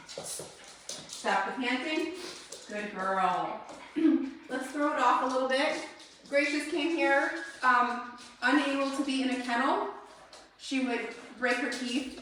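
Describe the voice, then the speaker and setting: In this instructional demonstration indoors, a female dog trainer talks through drills in a calm way before snapping out brief commands to her dog. She speaks slowly at a fairly high pitch. The recording carries a little hiss or hum, heavy room echo, and a distant mic.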